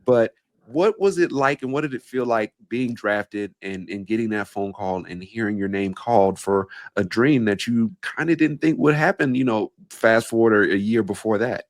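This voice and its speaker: A man's voice: fairly low pitch, normal speed, hardly any pauses, no room sound, studio quality. A man hosting an interview who recaps his guest's story before asking a question. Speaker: podcast host and coach.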